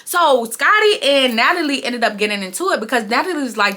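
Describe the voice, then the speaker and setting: A young woman, casually recapping a reality show and acting out quotes with big pitch jumps. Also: big pitch swings, fast, hardly any pauses, sharp tone.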